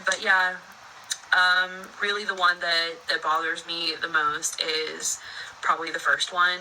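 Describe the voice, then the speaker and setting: A young woman confiding about her relationship in a halting, hesitant way. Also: sits low, little pitch movement, vocal fry, sharp tone, slight background noise, rough recording. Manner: halting, hesitant, many fillers and restarts. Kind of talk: casual confessional vlog.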